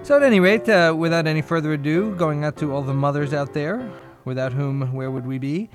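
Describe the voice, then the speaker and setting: A man's voice: fairly high pitch, a little fast. A man hosting a comedy radio show, chatting loosely with fillers and asides. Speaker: radio host. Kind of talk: casual radio introduction. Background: guitar music.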